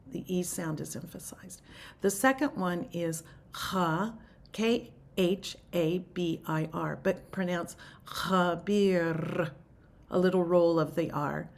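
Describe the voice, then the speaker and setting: Low, gravelly-voiced woman teacher. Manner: unhurried, musing, often trails into a hushed near-whisper. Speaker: spiritual teacher. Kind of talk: meditative spiritual talk.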